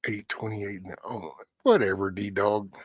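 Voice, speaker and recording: A middle-aged man hosts a morning livestream, chatting casually with his viewers in a relaxed, meandering way full of folksy asides and offhand swearing. His low, slightly rough voice moves at a measured pace, and the sound is close and dry with no room sound.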